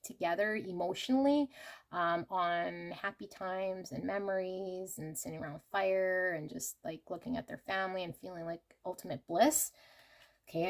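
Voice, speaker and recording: A woman giving a casual pick-a-card tarot reading to her viewers, emotional and chatty with many fillers. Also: fairly low pitch. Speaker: tarot reader.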